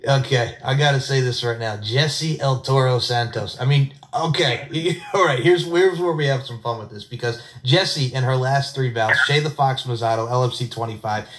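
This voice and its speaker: A man with a New York accent hosting a podcast, chatting in an excitable, rambling, profane way. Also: mid-range voice, moderate pace, few pauses. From Long Island, New York. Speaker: podcast host. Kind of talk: casual interview chat.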